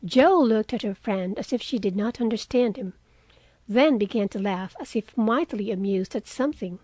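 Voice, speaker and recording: A woman narrating a classic novel aloud in a steady, measured reading. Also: medium pitch, no room sound. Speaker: audiobook reader. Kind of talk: audiobook narration.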